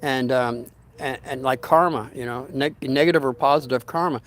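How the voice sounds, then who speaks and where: A man's voice: medium pitch, fairly even intonation, moderate pace, a bit bright. Rambling folksy older man chatting to viewers. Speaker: livestream host reading viewer comments. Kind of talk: casual storytelling livestream.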